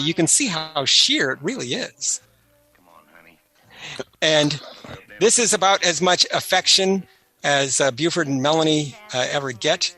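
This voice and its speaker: A chatty man talks through an old movie on a commentary track, swapping trivia and anecdotes in a casual, easygoing way. His voice sits a little high and sounds bright and forward. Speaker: film commentary host.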